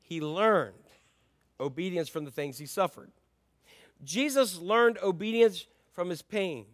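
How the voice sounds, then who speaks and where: A man preaching a conversational sermon, dropping to soft asides and rising to loud, emphatic passages. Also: high voice, a little slow, no echo, studio quality. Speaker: pastor.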